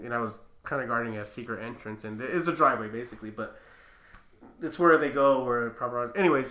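A man hosting a podcast, telling a story in casual chat, animated, swearing and acting out the quotes. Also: medium pitch, reverberant. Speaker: podcast host.

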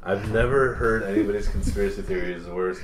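Casting: low, rapid guy on a podcast, noisy echoey room. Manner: loud, ranting bursts in jokes. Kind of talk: casual podcast chat. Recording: roomy with loud background noise.

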